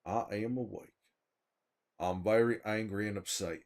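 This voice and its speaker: Weary middle-aged survivor voiced by a man, drawl, low voice, folksy, livestream chat. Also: steady tone, measured pace, darkish tone. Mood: easygoing. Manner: drawling, folksy, chats with viewers by name. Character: weary middle-aged male survivor, gruff but friendly. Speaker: streamer in character.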